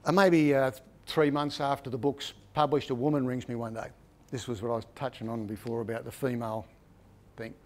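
At a book presentation, a middle-aged Australian author spins stories in a loose, chatty way, full of restarts and frequent "right?" tags. His ordinary mid-range pitch is steady and darkish, and he speaks briskly.

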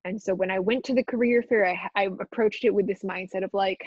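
A woman's voice: medium pitch, steady tone, brisk, a little mellow, husky, no room sound, lo-fi sound. A young woman guest on a podcast, telling a rambling, self-deprecating story in casual chat. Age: young adult.

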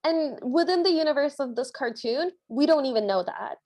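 A woman co-hosting a podcast, recapping a film in casual chat, delighted and animated. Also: high voice, moderate pace, no room sound. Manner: animated, delighted, acts out characters' lines. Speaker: podcast co-host.

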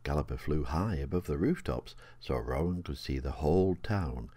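An older man reading his own children's story aloud in a gentle, expressive way. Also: rumbling low, moderate pace, no room sound.

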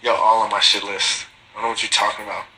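A Guatemalan-family reality TV personality hangs out on a phone livestream, reading comments from viewers aloud and firing back with casual slang and cursing. His voice sits low with little pitch movement, and his quick, pushed, bright delivery comes through a rough recording.

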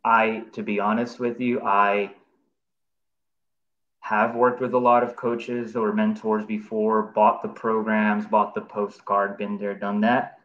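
A man speaking as an artist and guest in a casual interview, earnest and halting as he agrees and explains. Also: on the low side, flat delivery, fairly bright tone, highs cut off. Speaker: artist, program student and guest.

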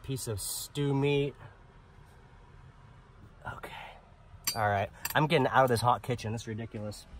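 Young male vlogger, mid-pitched, upbeat and talkative, recorded in a van with light background noise. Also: moderate pace, long pauses. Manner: chatty, enthusiastic, talks to viewers directly. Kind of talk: casual cooking vlog. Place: camper van at a campsite.

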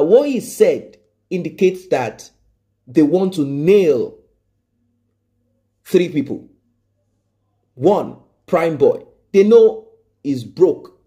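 A man's voice: a little high, mellow. A man giving emphatic news commentary, stressing points by repeating them and asking rhetorical questions.

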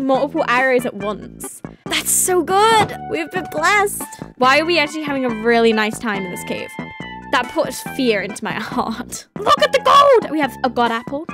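A British woman streaming a video game, chatting excitedly, laughing and squealing often. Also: high-pitched. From Britain. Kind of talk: gaming commentary.

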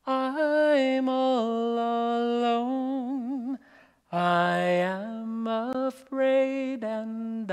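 A preacher singing as a lost, frightened boy who softly pleads for his father in a slow song. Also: very high-pitched, clean tone, voice pushed up, exaggerated voice. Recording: long hall reverb.

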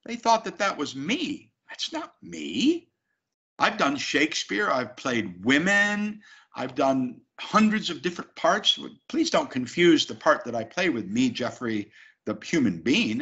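An actor appearing as a guest in a casual interview speaks emphatically and with lots of animation. His voice sits fairly high, with a bright, forceful tone, and the recording sounds dull and lo-fi.

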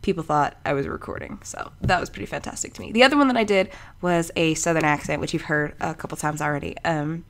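Chatty young woman with a creaky voice. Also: deep voice, fast, few pauses, a bit bright, a little hiss or hum. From Maryland. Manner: chatty, playful, often slips into put-on voices. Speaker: voice actor. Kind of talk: casual vlog introduction.

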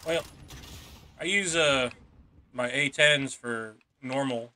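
A man with a bright, ringing voice talks through a multiplayer match as he records. He gets excited fast, swears when things go wrong and laughs easily. He speaks into a microphone on a stand. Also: medium pitch, a little hiss or hum. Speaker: gamer recording content. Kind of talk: casual gaming chat.

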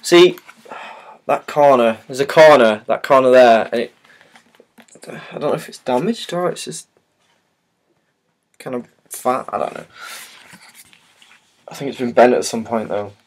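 A man's voice: medium pitch, expressive, a little slow, pauses often. A man chatting casually and hesitantly as he unboxes and shows a new book, with many fillers and restarts. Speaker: vlogger.

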